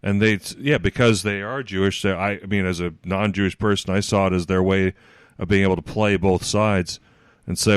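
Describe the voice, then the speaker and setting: Deep-voiced male co-host. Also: steady tone, normal speed, clean tone, no echo, clean studio sound. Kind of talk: call-in talk show chat.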